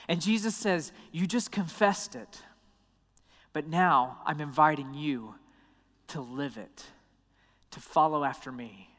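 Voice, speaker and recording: Male pastor, sermon, fairly high voice, drops quiet and low for quotes, long reverb. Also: takes it slowly. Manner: dramatic drops to a soft, low voice for quoted words.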